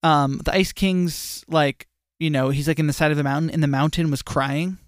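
Animated, rambling young man. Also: a little high, moderate pace, smooth, dry recording, studio quality. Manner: animated, rambling, lots of fillers. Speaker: podcast co-host. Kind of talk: casual chat recapping a cartoon episode.

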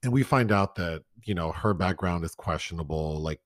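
Low-voiced guy chatting about movies, blunt and opinionated, dry close sound. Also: normal speed, no room sound. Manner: opinionated, frank, swears casually. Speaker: podcast co-host. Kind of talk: casual chat reviewing films.

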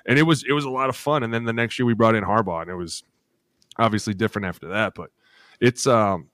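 Man, 30s, podcast co-host, former lineman, low-pitched, dry sound, animated storyteller. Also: quick pace, no room sound. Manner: animated storytelling with acted quotes, swears freely. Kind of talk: casual chat.

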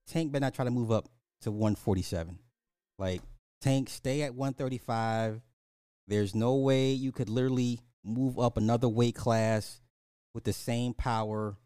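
A man's voice: fairly low pitch, dark tone, clear, resonant tone, no room sound, clean studio sound. Man rambling through casual commentary. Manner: rambling, laughing, often apologizing for going off track. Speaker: podcast host.

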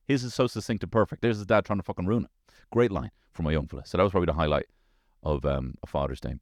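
A man with a Dublin Irish accent, in his thirties, hosting a show with an animated, swearing comic monologue full of tag questions. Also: deep voice, fast, dry recording, clean studio sound.

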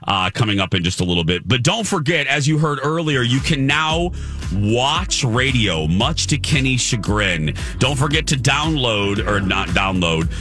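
Bright-voiced male radio co-host, rambling. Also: mid-range voice. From Indiana. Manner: rambling, self-mocking, many fillers and restarts. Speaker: radio morning show co-host. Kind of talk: casual radio banter. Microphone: studio microphone.

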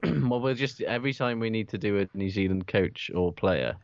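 A man's voice: lowish voice, normal speed, no room sound. A man co-hosting a rugby podcast in casual, sweary banter. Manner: sweary, laid-back banter. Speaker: podcast co-host. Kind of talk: casual chat. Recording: dull lo-fi dry sound.

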